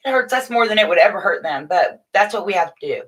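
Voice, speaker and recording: A middle-aged woman hosts a casual morning livestream from a room at home, chatting warmly and in a motherly way with viewers. Her medium-pitched voice is expressive and fast, and she often restarts her sentences.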